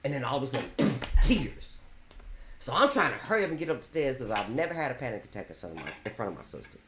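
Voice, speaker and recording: Low-voiced animated woman in an echoey room. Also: quick pace, a little hiss or hum. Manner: blunt, animated storytelling with swearing. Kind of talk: candid group chat about mental health. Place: bedroom with others on a bed.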